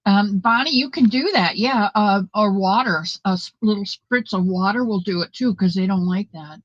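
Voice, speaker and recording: A woman's voice: medium pitch, normal speed, no room sound, highs cut off. A woman hosting a casual live stream, greeting viewers by name and chatting about recipes. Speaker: livestream host.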